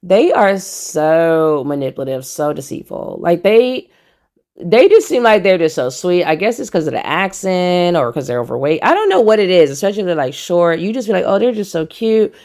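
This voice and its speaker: A young woman vlogger gives casual, emphatic commentary, repeating herself for emphasis and speaking directly to her viewers. Her lowish voice is sing-song with a darkish tone, at a normal speed.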